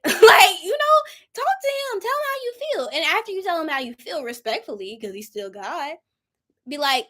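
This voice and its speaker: A woman's voice: extremely high pitch, lively intonation, moderate pace, a bit bright. A woman in her twenties leading a Bible study in a casual, informal way, acting out her own prayers as she talks. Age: 20s.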